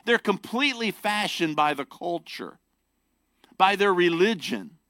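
Male pastor, emphatic sermon delivery, lively pitch swings, dry close sound. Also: a little slow, dry recording. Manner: animated, emphatic preaching.

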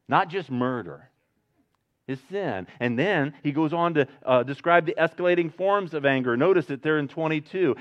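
A man preaching a sermon in a conversational style, breaking into loud emphatic bursts and chatty asides. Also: a little high, highs cut off. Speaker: pastor.

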